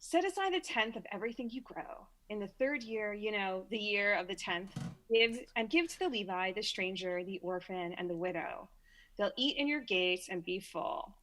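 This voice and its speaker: As a podcast guest, a Brooklyn-accented woman from Brooklyn, New York chats casually and reads scripture aloud, sometimes stumbling and repeating words. Her mid-range voice is animated and a bit bright, at a moderate pace.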